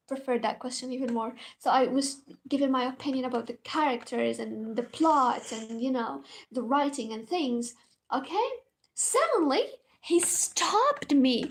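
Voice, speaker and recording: High-voiced young woman telling a story. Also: slight background noise. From Morocco. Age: young adult. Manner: dramatic, animated, swears casually. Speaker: university student, vlogger. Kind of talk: casual storytime vlog.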